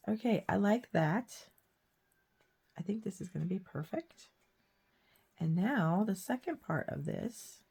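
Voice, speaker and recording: A woman with a cold and a hoarse throat, chatting casually while she shows a painting craft. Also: medium pitch, lively intonation, takes it slowly, pauses often, warm tone. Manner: chatty, rambling, self-deprecating. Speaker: craft vlogger. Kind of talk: casual painting tutorial chat.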